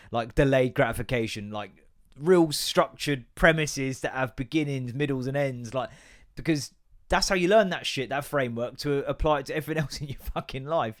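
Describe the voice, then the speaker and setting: A man with a voice of ordinary pitch hosts a casual podcast. He rants with lots of swearing. He acts out both sides of remembered conversations as he goes. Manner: sweary, ranting, animated. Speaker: podcast host.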